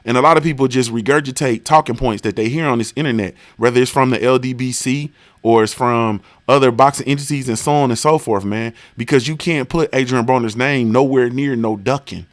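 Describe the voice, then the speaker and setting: A man's voice: mid-range voice, fairly even intonation, brisk, hardly any pauses. A man hosting a boxing stream, ranting in a profane, casual way and firing off repeated rhetorical questions. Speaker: boxing show host. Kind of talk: live-stream rant.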